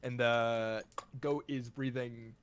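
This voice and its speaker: A man narrating as game master for a tabletop game, talking in a laid-back way with lots of ums and quick laughs. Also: mid-range voice, steady tone, slight background noise.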